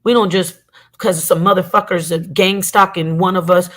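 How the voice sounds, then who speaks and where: A woman's voice: lowish voice, fairly even intonation, normal speed, fairly bright tone. A middle-aged woman giving a heated, profane monologue as a regular on an online show, emphatic and repetitive.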